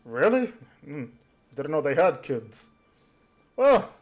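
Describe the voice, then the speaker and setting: A man's voice: a little high, sing-song, slow pace, soft background music, exaggerated voice. A man voicing a cocky, cheerful male gnome in a tabletop game, chatty and boastful.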